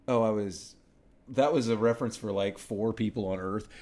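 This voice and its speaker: A woman's voice: extremely low pitch, normal speed, warm tone. A woman co-hosting a podcast in tipsy casual chat, teasing and laughing often. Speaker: podcast co-host.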